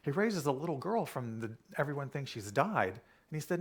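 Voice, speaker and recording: A minister giving a sermon in an easygoing, conversational way, often repeating a key phrase. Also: male voice, a little high, animated, fairly quick.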